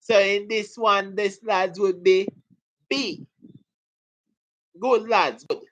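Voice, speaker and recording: A woman's voice: medium pitch, steady tone, takes it slowly, a bit bright, low-quality recording. A woman teaching a live exam prep lesson, joking and laughing with her students as she goes. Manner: playful, laughing, hypes up students.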